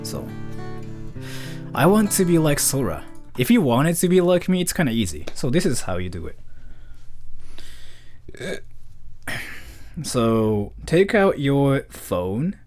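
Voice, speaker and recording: A man's voice: mid-range voice, a little mellow. A man in his twenties talking casually to camera, rambling and mocking himself. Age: 20s. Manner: rambling, joking, self-mocking. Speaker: vlogger.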